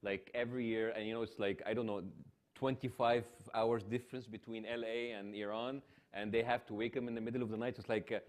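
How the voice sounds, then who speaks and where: A man's voice: fairly low pitch, fairly quick. A man from Egypt, a television host, chatting casually on a forum stage, laughing often and acting out quoted exchanges. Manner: laughing, expressive, acts out quoted dialogue. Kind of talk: casual conversational storytelling.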